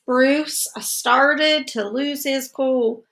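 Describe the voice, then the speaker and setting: Slow-reading woman teacher, storybook. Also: on the high side, gravelly. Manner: slow, expressive storytelling with asides to listeners. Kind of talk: reading a picture book aloud to children.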